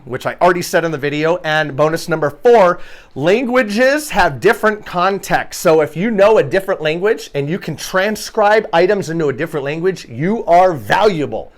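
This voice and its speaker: A man with a notably high voice talks straight to his viewers in a loose, chatty vlog. He rambles, restarts his sentences and chuckles at his own slips while he explains things. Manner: rambling, self-correcting, chuckles often; direct address to viewer. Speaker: online money-making vlogger.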